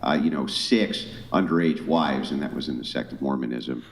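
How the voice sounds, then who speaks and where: A man's voice: rumbling low, normal speed, gravelly. A man arguing bluntly and combatively in a heated panel debate. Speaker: debate guest.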